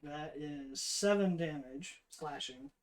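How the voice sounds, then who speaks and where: A woman playing a tabletop game, calling out her attacks and rolls in a matter-of-fact, soft-spoken way. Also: sits low, slow. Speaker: player. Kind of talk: casual tabletop game chat.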